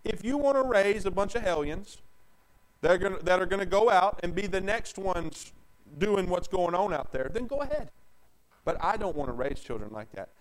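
A man preaching a sermon, emphatic and preachy, swinging from loud declarations to hushed asides and drawing out scripture slowly. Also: sits high, lively intonation, poor audio. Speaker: pastor.

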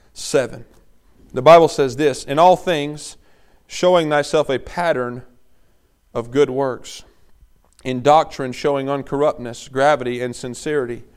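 A man preaching a sermon, moving from quiet teaching to loud, urgent exhortation. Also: a little high, clear, resonant tone.

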